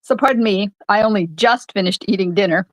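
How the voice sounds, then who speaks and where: A woman's voice: medium pitch, a little fast, no room sound. An older woman hosting a live crafting demonstration from her home craft room, chatting casually and greeting viewers by name. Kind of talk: live-streamed crafting demo.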